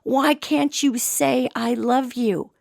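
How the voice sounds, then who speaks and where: A woman's voice: sits high, steady tone, slow pace, creaky, a little mellow, no room sound, clean studio sound, heavily acted. A woman doing a guilt-tripping demon posing as a wife. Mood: pleading. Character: deceitful female demon posing as dead wife.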